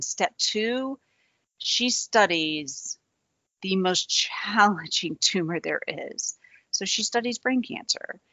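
A woman's voice: lowish voice, fairly bright tone, dry recording, lo-fi sound. A woman podcast co-host with a Southern American accent, talking in an upbeat, enthusiastic way and asking rhetorical questions. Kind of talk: casual podcast chat.

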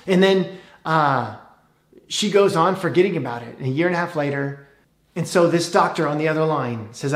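A man's voice: a little high, normal speed, reverberant. A man telling a heartfelt story as a pastor giving a sermon, sometimes voicing the people in it.

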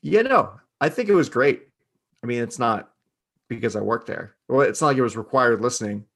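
A man co-hosting a casual podcast, laid-back and quick with dry asides. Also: mid-range voice, animated, a bit bright. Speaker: podcast co-host.

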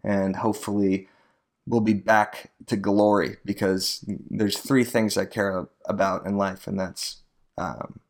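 A man's voice: lowish voice, little pitch movement, a little slow. A man from Arizona hosting a podcast alone, talking in a rambling, profane and sardonic way. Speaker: podcast host, real estate agent. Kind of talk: casual solo podcast monologue.

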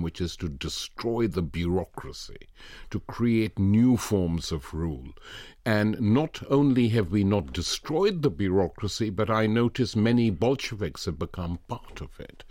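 A man's voice: low-pitched, darkish tone, no room sound, clean studio sound. An older man giving long, expansive answers as a guest in a political interview, piling up examples.

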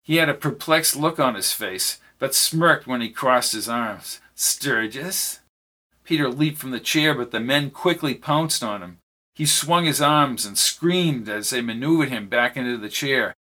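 A man narrating a thriller audiobook in a steady reading voice. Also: medium pitch, normal speed.

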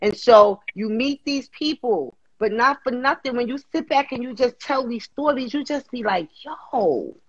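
A woman's voice: fairly high pitch, animated, normal speed, hardly any pauses, no echo. Blunt, profane woman on a muffled mic. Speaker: podcast co-host. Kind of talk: casual chat. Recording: slightly muffled, very dry.

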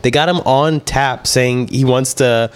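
A man in a casual, profane group chat, talking loudly and excitedly and acting out quotes. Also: mid-range voice, measured pace, smooth. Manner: loud, animated, excitable, swears, acts out quotes. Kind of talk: casual podcast banter.

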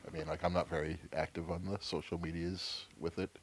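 A man's voice: deep voice, level tone, a little fast, husky, no echo. A man co-hosting a casual podcast in a laid-back, swearing way, often trailing off with fillers. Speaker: podcast co-host. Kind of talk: casual chat.

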